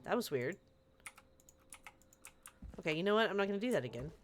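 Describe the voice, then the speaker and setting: A woman's voice: mid-range voice, big pitch swings, a little fast, a little hiss or hum. A young adult woman streaming a game, chatting casually in a rambling, playful way with lots of asides. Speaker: live streamer. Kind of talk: casual chat while playing a game on stream.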